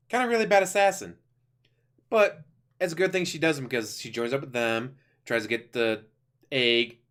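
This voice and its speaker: A man giving a casual, rambling review of an animated series, enthusiastic, with lots of fillers and restarts. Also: mid-range voice. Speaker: YouTuber reviewing an animated show.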